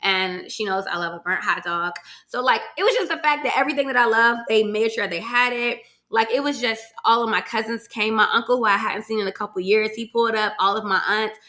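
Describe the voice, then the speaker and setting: A woman's voice: on the high side, fairly quick, hardly any pauses, pushed and bright. A young woman from Virginia hosting her own podcast, chatting to listeners in a casual, swearing, y'all-heavy storytelling way. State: emotional, holding back tears at times. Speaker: podcast host.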